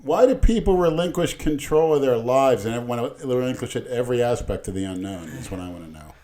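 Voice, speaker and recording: A middle-aged man on a casual podcast, speaking in blunt, gruff remarks. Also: medium pitch, expressive, fairly quick, mellow. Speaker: podcast regular. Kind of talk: casual chat.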